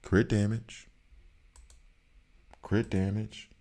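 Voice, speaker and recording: Man, very low voice, casual game streamer, chatty, thinking aloud. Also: little pitch movement, very slow, warm tone. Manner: chatty, talks to chat viewers, thinks aloud. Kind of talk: casual live-stream commentary while playing.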